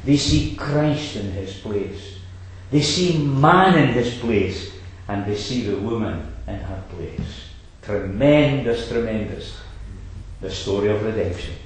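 A man's voice: on the low side, slow pace, heavy reverb, poor audio. A man preaching a sermon, emphatic and fond of rhetorical asides to his congregation.

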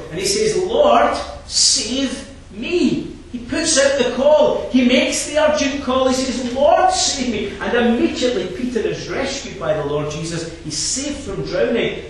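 Impassioned preacher in an echoey hall. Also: male voice, lively intonation, moderate pace, hardly any pauses. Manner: swings from low quiet asides to loud impassioned climaxes, repeats phrases. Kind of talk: sermon. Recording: very echoey, from a distance, faint background noise.

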